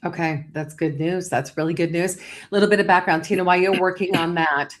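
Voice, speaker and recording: A woman hosting a political livestream, telling a story quickly and with energy and acting out what people said. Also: on the low side. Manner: animated, fast storytelling with quoted exchanges. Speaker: livestream host.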